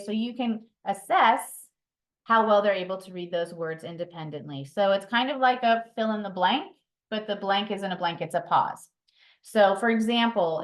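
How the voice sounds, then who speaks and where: A woman walks trainees through reading routines at a steady, mid-pitched level. She explains patiently, correcting herself now and then with an um. Her voice carries a roomy echo from a home room. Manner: explanatory, patient, with frequent ums and self-corrections. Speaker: mentor trainer. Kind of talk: instructional training talk.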